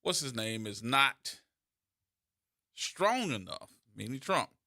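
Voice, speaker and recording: A man hosting a call-in radio show, telling stories in an animated way with repeats and restarts, into a studio microphone. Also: mid-range voice, slow pace, no echo. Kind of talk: call-in talk radio monologue.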